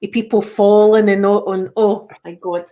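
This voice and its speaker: A woman's voice: mid-range voice, fairly even intonation, normal speed, warm tone. A middle-aged Scottish woman hosting a casual live chat. She tells everyday stories and acts out the voices of the people in them. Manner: chatty storyteller who acts out the voices in her stories. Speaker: channel host.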